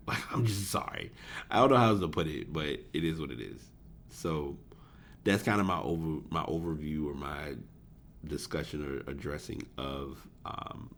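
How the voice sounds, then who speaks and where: Podcast host, male, very low voice, rambling casual delivery, faint hiss behind. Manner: rambling, self-correcting, chuckles at himself. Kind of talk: casual solo podcast talk about esports. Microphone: desk USB microphone.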